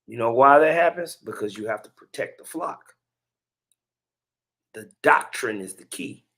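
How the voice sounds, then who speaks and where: A man's voice: mid-range voice, animated, unhurried, fairly bright tone. A man hosting a casual religious commentary, chatty and preachy, with chuckling asides between clips.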